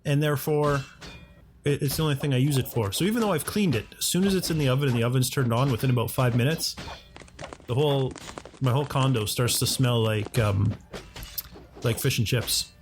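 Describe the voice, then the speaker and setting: A man's voice: medium pitch, fairly quick, over music. Chatty man narrating his gameplay. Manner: chatty, talks to himself and his game characters. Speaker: let's play host. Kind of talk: casual gameplay commentary. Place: home condo.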